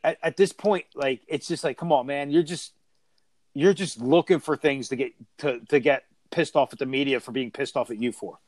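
A man hosting a casual sports podcast. He talks in an animated, opinionated way and laughs often. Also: medium pitch, normal speed, no room sound. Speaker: podcast host.

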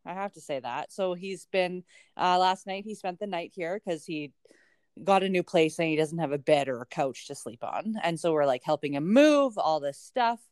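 A woman co-hosting a podcast, chatting in a relaxed, wry way with short reactions. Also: lowish voice, moderate pace, clean tone, no room sound, studio quality. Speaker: podcast co-host. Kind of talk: casual podcast chat.

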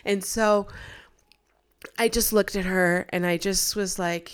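A middle-aged woman, appearing as a guest, casually shares a personal faith testimony and animatedly acts out what others said. Her voice is smooth and on the low side, at a normal speed.

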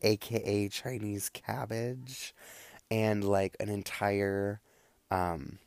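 A man's voice: lowish voice, little pitch movement, takes it slowly, clean tone, no echo. A man with a nasal voice giving a rambling casual life update, full of fillers and restarts. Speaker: vlogger.

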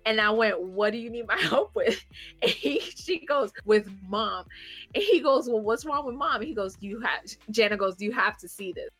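A woman in her thirties telling a rowdy story in casual chat, animated and swearing, laughing as she goes. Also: on the high side, normal speed, breathy edge, faint music behind.

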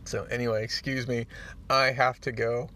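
A man hosting a podcast, retelling a comic book in a casual, animated way and getting choked up at the moving parts. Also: mid-range voice, normal speed. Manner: animated storyteller, acts out the dialogue; easily moved, gets choked up. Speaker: podcast host.

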